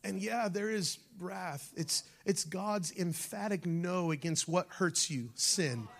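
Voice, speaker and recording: A male pastor delivers an animated sermon, calling out to his congregation. His voice sits high and carries a gravelly fry. He swings between loud exclamations and soft, hushed passages. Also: slow pace. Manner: animated preaching, shifting from shouts to near-whispers.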